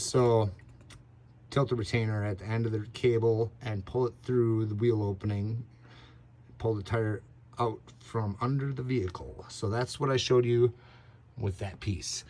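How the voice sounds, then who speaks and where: Standing beside a van and recorded on a camera mic, a man hosting a DIY car repair video talks through a repair in a loose, rambling way. His voice sits at medium pitch, and he fills his speech with ums and chuckles at his own crude humor.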